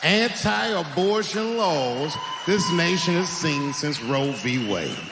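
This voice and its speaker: Lively, slow-drawling stand-up man. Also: a little high. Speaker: stand-up comedian. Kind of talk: stand-up comedy routine. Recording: reverberant venue recording with faint background noise.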